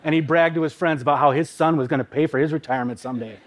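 A middle-aged man from Minnesota telling a personal story in a vivid, animated way. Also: on the high side, very fast. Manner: vivid, emotional, animated narration.

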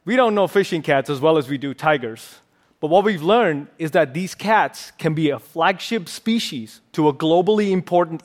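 Playful man giving a stage talk. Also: a little high. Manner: playful, punning. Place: large auditorium stage.

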